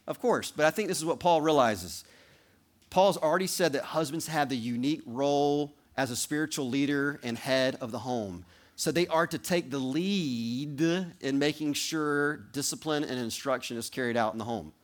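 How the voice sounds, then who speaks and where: A man's voice: mid-range voice, normal speed. A man preaching a sermon, speaking directly to the children in the congregation and acting out little role-plays. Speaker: pastor.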